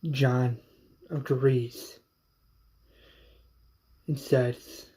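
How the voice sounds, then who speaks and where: A man casually recapping an episode of a fan series, halting and repeating words as he goes. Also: medium pitch, little pitch movement, warm tone, breathy edge.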